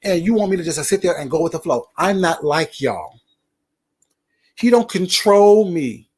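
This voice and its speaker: A man's voice: a little high, slightly rough. Profane man ranting a story. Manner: profane, emphatic, repetitive. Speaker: streamer. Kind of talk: storytelling rant to viewers.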